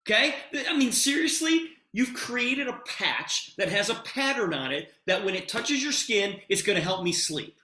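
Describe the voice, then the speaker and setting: Pitching through storytelling, a middle-aged man talks at a moderate pace with few pauses, his tone bright and forceful. He voices both parties in the conversations he recounts, his pitch rising and falling vividly as the room echoes around him.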